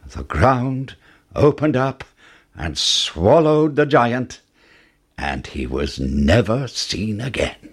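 A man narrating a fairy tale in an expressive storybook style. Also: mid-range voice, slow pace, breathy edge.

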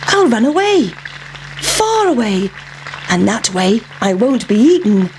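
A woman's voice: sing-song, measured pace, noisy background. A woman playing a panicky runaway pancake. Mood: worried. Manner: high anxious put-on voice.

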